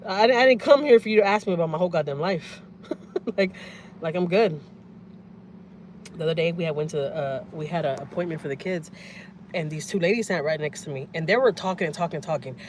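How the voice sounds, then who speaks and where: A blunt, foul-mouthed family vlogger from Houston, Texas tells stories animatedly during a casual livestream. She's in a truck with the windows down, so vehicle and outdoor ambience come through along with a little hiss or hum. Her voice is lowish and fairly quick.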